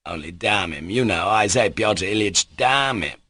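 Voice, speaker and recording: Mitya, a man voicing a reckless, excitable nobleman. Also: lowish voice, moderate pace, no echo. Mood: exuberant. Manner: loud, exclamatory, laughing. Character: reckless, excitable young nobleman on a drunken spree. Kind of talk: audiobook character reading.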